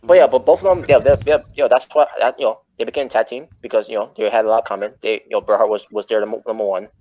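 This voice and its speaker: A man's voice: fairly low pitch, fairly even intonation, very fast, slight background noise. A man hosting a casual wrestling chat podcast, rambling and often correcting himself mid-sentence. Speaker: podcast host. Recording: muffled lo-fi audio.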